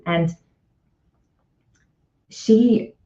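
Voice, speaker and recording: A woman speaking slowly and thoughtfully as a relationship coach, circling back over her points. Her voice is mellow, with a middle pitch. The recording rings with room echo and sounds a little dull and lo-fi. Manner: reflective storytelling, often repeats phrases. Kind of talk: live online talk with client anecdotes.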